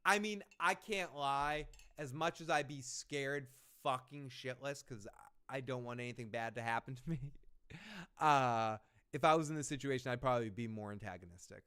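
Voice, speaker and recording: Recapping a show on his podcast, a man rambles and curses as he replays scenes and quotes lines from them. He speaks in a smooth, slightly bright mid-range voice at normal speed.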